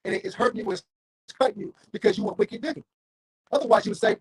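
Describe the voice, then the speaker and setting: A man preaching on the street, his high voice leaping wildly up and down as he reads scripture and calls out to passersby. The tone is husky with a gravelly edge, and the sound is dry and close. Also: animated, no room sound, low-quality recording. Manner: preachy call-and-response, frequent "Right?" and "You see?"; reads scripture slowly with big pitch leaps.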